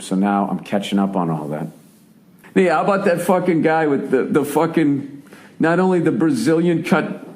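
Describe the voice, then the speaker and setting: A man in his forties from the United States, hosting a casual podcast chat and telling stories with lots of swearing and sudden jumps up in pitch when he rants. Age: 40s. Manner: profane, animated storyteller who swings his voice up high when ranting. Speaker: podcast host.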